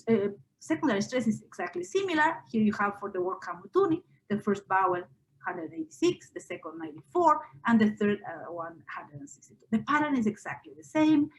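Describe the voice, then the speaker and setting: A woman linguist presenting research in an academic conference lecture, explaining step by step with frequent filler pauses. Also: fairly high pitch, a bit bright, poor audio.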